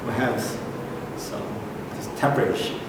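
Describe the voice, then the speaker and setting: A man's voice: mid-range voice, steady tone, normal speed. A middle-aged man with a Korean accent, preaching a sermon as pastor, repeating key points and checking in with "okay?". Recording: echoey hall from far off, noisy room.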